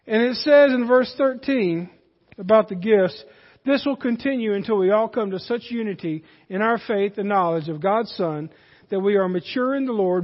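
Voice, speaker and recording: A man preaching a sermon in a folksy manner that rises to emphatic peaks, heard in a church sanctuary. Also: high-pitched. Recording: dull, hall reverb.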